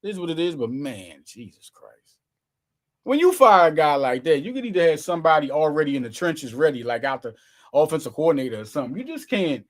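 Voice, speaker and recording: A man's voice: on the high side, very animated, fairly quick. A man hosting his own sports show, giving casual, slangy, emphatic commentary straight to his viewers.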